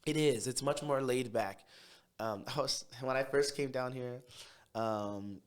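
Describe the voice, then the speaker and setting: Young man, from Tacoma, podcast guest, fast and brash talker, casual storytelling. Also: medium pitch. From Tacoma, Washington. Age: young adult. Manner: fast, brash city talker who speeds up when excited.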